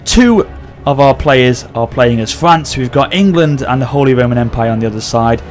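A man hosting a gaming channel, excitedly commentating a battle over gameplay and often addressing his audience. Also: mid-range voice, moderate pace, faint music behind.

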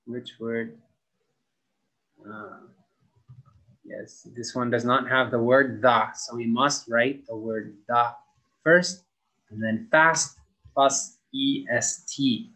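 A young adult man teaching an English grammar lesson, slowly stretching out key words as he models them for students. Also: mid-range voice, steady tone, pushed and bright, rough recording.

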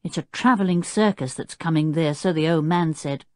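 A woman voicing a stubborn, quick-tempered boy who talks insistently and indignantly in an audiobook. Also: sits low, darkish tone, no echo, studio quality, close to an everyday voice.

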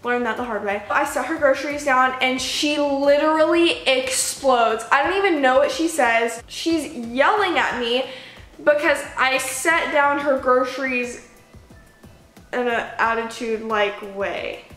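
A young woman vlogger casually telling a story, animated and chatty, acting out the people she quotes. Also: high voice, unhurried, faint music behind. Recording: echoey room.

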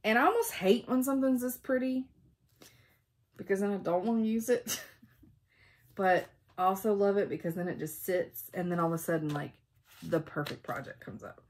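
A woman's voice: mid-range voice, moderate pace. A woman chatting casually at home, bubbly and full of ums as she shows off craft supplies. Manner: chatty, bubbly, says um a lot. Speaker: flosstube vlogger.

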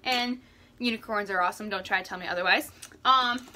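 A woman's voice: medium pitch, fairly quick, pushed and bright. A young woman hosting a casual live makeup tutorial at home, chatty and rambling, greeting viewers by name as she works. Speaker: makeup livestream host. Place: at home indoors.

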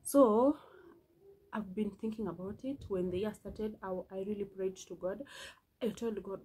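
A vlogger in her early twenties talks earnestly to the camera in a casual, personal way, frequently saying things twice for emphasis. She speaks at normal speed with a mellow, medium-pitched voice, captured in a rough recording.

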